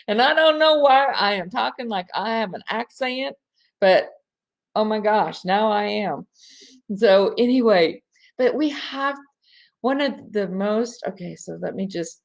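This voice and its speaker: A woman hosting a live online session from home. She talks in a bubbly way, laughs often, speaks straight to her listeners and slows to a soft voice when guiding a breathing exercise. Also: mid-range voice, vocal fry. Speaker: host of an online women's gathering. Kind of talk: live-streamed coaching talk with guided breathing.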